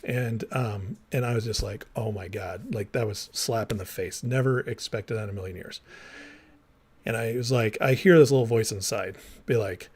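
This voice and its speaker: A man's voice: mid-range voice, moderate pace, darkish tone, husky. A man who was a minister and counselor tells his own story to viewers in a candid, rambling way, often saying "like," restarting sentences and acting out remembered dialogue. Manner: heavy use of "like" and restarts. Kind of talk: personal storytelling monologue to viewers.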